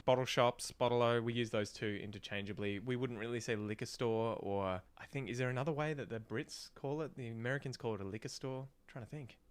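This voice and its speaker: A man's voice: medium pitch, brisk, few pauses, clear, resonant tone. A young adult man with an Australian accent, chatting casually on a stream and explaining local slang. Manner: explains slang with playful put-on phrases. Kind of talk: casual chat.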